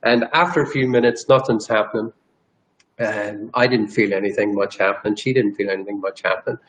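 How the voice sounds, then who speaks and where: A man's voice: on the low side, steady tone, brisk, rough recording. A man from Ireland, a guest energy healer telling a personal story in an interview, earnest and rambling, with restarts. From Northern Ireland.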